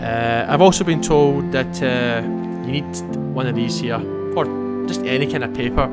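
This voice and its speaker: Chatty young Scottish gamer over guitar music. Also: male voice, mid-range voice, moderate pace. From Scotland. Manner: chatty, jokey, keeps saying "guys". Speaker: gaming video host. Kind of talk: casual let's-play commentary.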